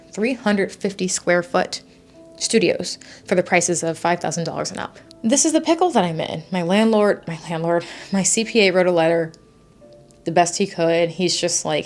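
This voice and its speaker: A woman's voice: on the low side, normal speed, faint music behind. A woman in her twenties talking to her camera in a casual vlog, chatty and stressed, with sudden emotional outbursts. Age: 20s. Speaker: YouTube vlogger.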